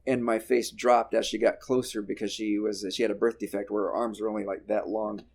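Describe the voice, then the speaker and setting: A man hosting a podcast, telling stage stories in casual chat and laughing loudly at his guest. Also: on the low side, little pitch movement, fairly quick, gravelly. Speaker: podcast host.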